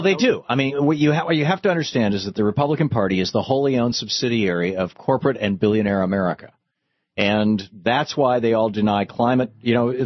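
A man hosting a political talk radio show, speaking in an animated, sarcastic way that climbs into outrage. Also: on the low side, lo-fi sound. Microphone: studio microphone.

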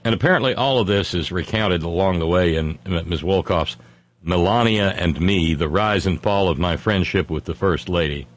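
A man's voice: low voice, normal speed, dry recording. A man hosting a comedy talk stream, reading viewer comments with sardonic, profane asides.

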